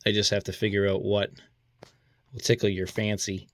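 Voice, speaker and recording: A man's voice: on the low side, flat delivery, moderate pace, fairly bright tone, no echo. A man with a Boston accent, casually talking through a coin review, chatty and rambling with apologetic asides. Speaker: coin collector vlogger.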